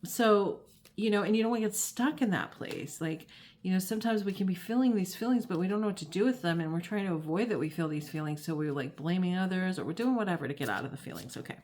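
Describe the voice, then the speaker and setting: A woman's voice: fairly low pitch, fast, darkish tone. A woman hosting an astrology and tarot channel, explaining in a casual, chatty way, full of fillers and acted-out quotes. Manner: chatty, many fillers, acts out quoted voices. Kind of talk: casual explanatory talk to camera.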